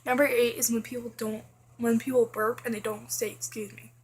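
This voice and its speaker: A woman's voice: a little high, level tone, a little fast, slight background noise. A teenage girl vlogging casually, chatty and full of fillers, complaining about things that annoy her. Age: teens. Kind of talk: casual list vlog.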